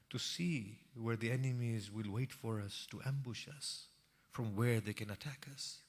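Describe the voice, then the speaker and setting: A man narrating an emotional religious story in a sermon, moving from hushed tones to impassioned cries. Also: mid-range voice, a little slow. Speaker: preacher.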